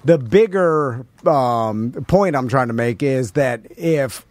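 A man's voice: mid-range voice, lively intonation, slow, darkish tone, no echo. A man co-hosting a podcast in casual chat. He laughs often and hedges with fillers. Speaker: podcast co-host.

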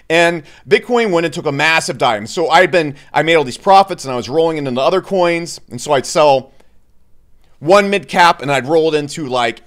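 A man with a voice sitting slightly high for a man delivers opinionated commentary straight to the viewer. He is blunt and exasperated, and often slips into mocking little voices of the people he criticizes. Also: fairly bright tone. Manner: blunt, exasperated, mocks others in quick put-on voices. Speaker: crypto YouTuber. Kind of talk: opinionated market commentary to camera.

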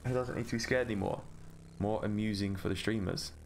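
A man's voice: lowish voice, fairly even intonation, a little fast, creaky, slight background noise. A man rambling and chatting with an easy laugh while he gives casual gameplay commentary as a gaming YouTuber.

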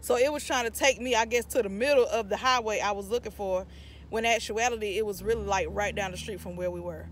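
Casting note: North Carolina mom vlogger in her thirties, mid-pitched, talkative, irritated. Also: quick pace, slight background noise. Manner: talkative, irritated venting, addresses viewers as y'all. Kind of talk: chatty vlog talk to camera. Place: parked car, then inside a store.

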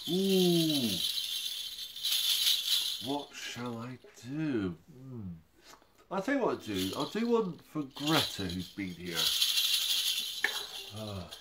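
A man hosting a music session for babies and toddlers, talking to them in a gentle, chatty way. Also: medium pitch, big pitch swings, takes it slowly, pauses often, heavy background noise. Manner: gentle, chatty, talks directly to small children. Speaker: children's music session host. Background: ukulele playing.

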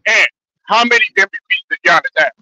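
A man arguing loudly and profanely in a heated sports debate. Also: high-pitched, animated, fast talker, dry recording, rough recording. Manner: loud, argumentative, profane. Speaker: podcast co-host.

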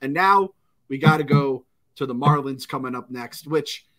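A man's voice: medium pitch, a crowd in the background. A man co-hosting a podcast, chatting bluntly about baseball and swearing casually. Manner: quick, blunt, profane. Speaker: podcast co-host. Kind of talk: casual sports chat.

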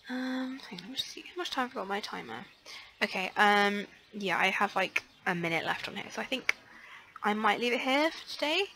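A young woman chatting casually through a life-sim let's play, excitable, gasping and filling pauses with ums. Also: mid-range voice, a little hiss or hum, low-quality recording. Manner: chatty and excitable, frequent gasps and fillers. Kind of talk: casual gameplay commentary.

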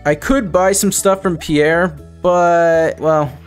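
Chatty young man, higher voice. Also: steady tone, slow, smooth, soft background music. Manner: rambling, chatty, self-correcting. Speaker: gaming host. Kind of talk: casual let's-play commentary.

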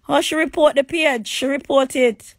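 Jamaican woman, livestream rant, high voice, dry close sound; taunting, crude, shouts at times. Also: steady tone, moderate pace, no room sound. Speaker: livestream host. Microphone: phone.

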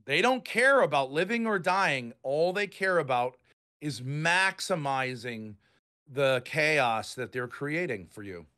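A man's voice: a little high, animated, slow, bright, forceful tone. A man in his fifties from Rhode Island, ranting angrily and profanely on a voice call. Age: 50s. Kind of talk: heated online group chat.

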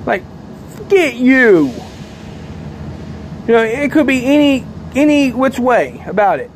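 A man's voice: extremely high pitch, very animated, takes it slowly, slight background noise. A man rambling repetitively to camera outdoors, agitated and sleepy. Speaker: vlogger. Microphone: handheld camera.

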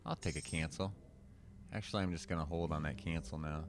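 A young man telling a profane story in animated rants while commentating a card game. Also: very deep voice, a little fast, background noise. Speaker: gameplay commentator. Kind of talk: casual storytelling over gameplay.

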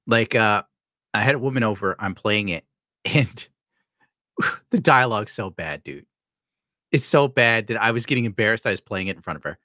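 A man chatting casually on a podcast, telling animated stories and mimicking voices. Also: on the low side, moderate pace, long pauses, no echo, studio quality. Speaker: podcast co-host.

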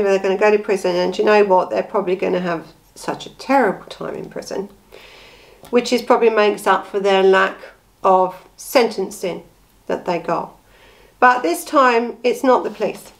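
A woman's voice: medium pitch, poor audio. Woman, indignant, blunt, rhetorical questions, true crime commentary. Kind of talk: impassioned commentary on a case.

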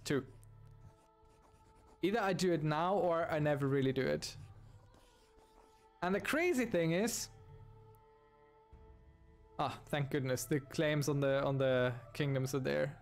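A man's voice: fairly high pitch, a little slow, pauses often, soft background music. A man commentating his own strategy game play, thinking aloud and groaning at bad turns. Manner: dismayed, groaning and sighing at setbacks; talks to himself while playing. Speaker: gaming channel host.

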